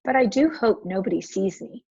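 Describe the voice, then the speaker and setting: A woman voicing a gentle, shy young male dragon in a storybook reading, speaking softly and tenderly. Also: mid-range voice, lively intonation, normal speed, gravelly, slightly rough, no echo, lo-fi sound. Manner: soft, tender, a little tearful.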